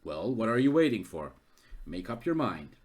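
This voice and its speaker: A man's voice: on the low side, sing-song, normal speed, a little mellow, pitched below the performer's own voice. A man voicing a curt, impatient maze master. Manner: curt, giving terse directions.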